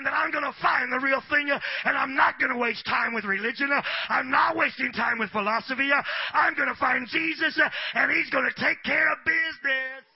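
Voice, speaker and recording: Out-of-breath preacher man, high gravelly shout, muffled old sermon tape. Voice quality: rhythmic shouting with "uh" between phrases. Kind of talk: shouted sermon, then calm humorous preaching. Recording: dull lo-fi sermon recording.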